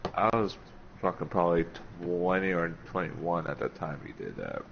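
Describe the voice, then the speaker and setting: A man's voice: sits low, sing-song, normal speed, creaky. A man co-hosting a podcast, answering in short, profane remarks during casual chat. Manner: terse, profane replies. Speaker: podcast co-host. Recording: dull podcast audio with audible hiss and clicks.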